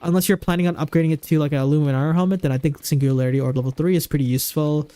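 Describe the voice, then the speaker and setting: Man, game streamer, high voice, dry close sound, rambling casual chat. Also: steady tone, rapid-fire, dark tone, smooth, no room sound. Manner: rambling, chatty, answering viewers' questions. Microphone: desk microphone.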